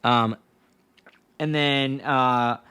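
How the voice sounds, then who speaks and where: A man's voice: fairly even intonation, extremely slow, sharp tone, smooth. A young man co-hosting a podcast, retelling scenes in a rambling, casual way and breaking into quoted lines. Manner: rambling, acts out quoted lines with jumps in pitch and frequent laughs. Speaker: podcast co-host. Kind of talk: casual chat recapping episodes.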